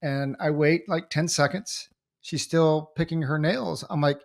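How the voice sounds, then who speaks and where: A man co-hosting a podcast, telling a story in casual chat, animated and full of restarts. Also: fairly high pitch, normal speed. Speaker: podcast co-host.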